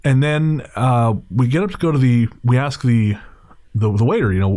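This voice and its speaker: A man hosting a podcast, telling a long story in a relaxed, digressive way and correcting himself as he goes. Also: mid-range voice, moderate pace, dry recording, studio quality. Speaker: podcast host. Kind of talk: casual storytelling.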